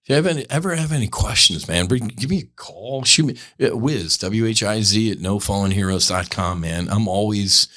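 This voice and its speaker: A man's voice: sits low, a bit bright. A male podcast host telling a candid, rambling spiritual monologue in an earnest way, often breaking off and restarting his sentences. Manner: rambling, earnest, self-interrupting.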